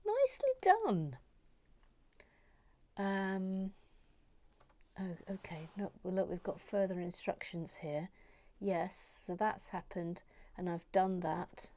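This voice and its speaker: A woman hosting a relaxed Lego building video, chatting casually and muttering softly to herself with self-mocking asides. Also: lowish voice, slow. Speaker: host building a Lego model. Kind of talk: casual chat while building.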